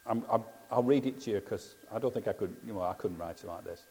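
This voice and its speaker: A man's voice: fairly low pitch, fast, mellow, slightly rough. A man preaching a sermon in an earnest, conversational way, often asking rhetorical questions. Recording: long hall reverb.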